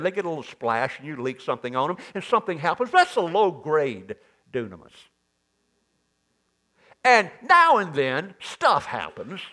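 A man preaching a sermon in church, animated, with sudden loud, higher bursts. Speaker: pastor.

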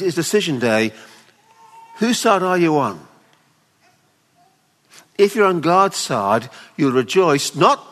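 A man preaching a sermon at a weekend away, expressive and pleading, often acting out the people in the story. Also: a little high. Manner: expressive, voices the father pleading tenderly. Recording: long hall reverb.

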